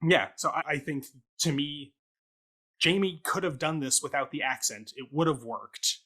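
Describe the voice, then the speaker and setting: A man co-hosting a casual theatre review chat, thinking aloud with halting restarts. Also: fairly high pitch, bright, forceful tone. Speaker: podcast co-host.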